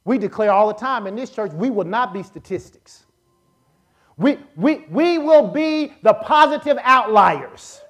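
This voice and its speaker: Animated preaching woman from the South. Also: on the high side, a little slow. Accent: Southern American. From American South. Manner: animated, acts out Bible characters, shouts at peaks. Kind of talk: sermon.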